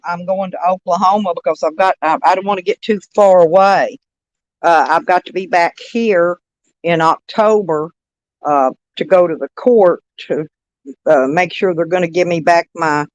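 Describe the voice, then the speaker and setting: A woman's voice: lowish voice, dry recording. A woman chatting casually on a live stream, rambling and greeting viewers by name. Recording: dull dry lo-fi sound.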